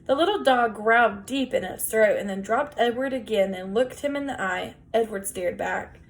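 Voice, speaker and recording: A woman reading a children's novel aloud in a gentle, measured storytelling voice. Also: a little high. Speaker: audiobook reader.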